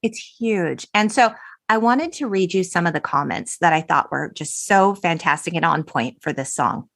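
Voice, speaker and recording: A woman hosting a podcast in casual chat, animated and giggly, acting out quotes as she talks. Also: on the low side, normal speed, gravelly, no echo, studio quality. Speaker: podcast host.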